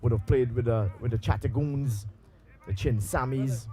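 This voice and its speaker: A man giving live commentary on a local cricket match outdoors, in a loose, relaxed delivery with pauses and fillers. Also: medium pitch. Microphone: handheld mic through a loudspeaker.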